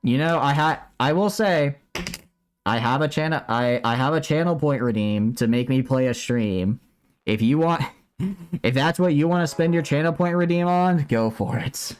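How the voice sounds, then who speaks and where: A man's voice: on the high side, normal speed, slight background noise. A man streaming live from home, chatting casually and reacting to his chat while he builds a model kit.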